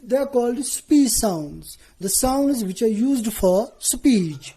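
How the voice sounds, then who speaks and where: A woman teacher giving a lesson to students, speaking deliberately, spelling out letters and often checking in with "okay". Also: on the high side, expressive, dark tone, rough recording.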